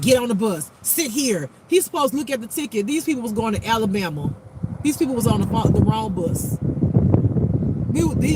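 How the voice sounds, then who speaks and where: A man talking casually as a spiritual life coach, telling a story bluntly and animatedly with heavy swearing and acted-out quotes. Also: very high voice. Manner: acts out quotes in a raised voice. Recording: clear outdoor traffic noise. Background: passing cars and street noise.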